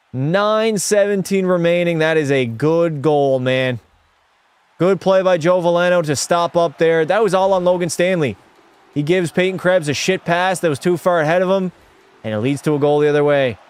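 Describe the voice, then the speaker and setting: Young male streamer, slightly high voice, excitable play-by-play mixed with chat banter. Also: clean tone. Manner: excitable, chatty, answers chat, mock French-Canadian outbursts. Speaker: streamer and game commentator. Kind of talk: casual live-stream play-by-play commentary.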